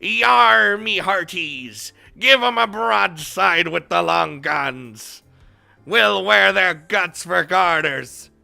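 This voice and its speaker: A man voicing a bubbly, energetic teenage girl from a visual novel, loud and full of mock-pirate bravado. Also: sits high, slow pace, gravelly, soft background music, voice pushed up, full character voice. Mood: swaggering.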